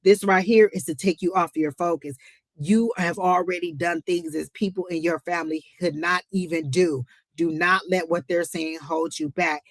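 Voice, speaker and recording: A woman's voice: lowish voice, dry recording. A woman hosting a live psychic reading stream, speaking emphatically, repeating phrases for effect and breaking into chatty asides to her viewers. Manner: chatty asides, exclaims to the Lord. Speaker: psychic reader and livestream host.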